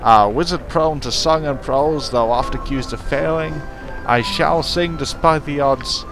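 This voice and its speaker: A man's voice: a little high, a little slow, over music. A man doing a theatrical failed bard. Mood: sing-song. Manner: theatrical, self-pitying.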